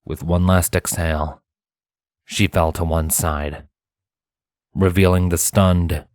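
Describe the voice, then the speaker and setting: A man reading a fan story aloud in dramatic, expressive audiobook narration. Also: low-pitched, takes it slowly, no echo, clean studio sound. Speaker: fanfiction reader.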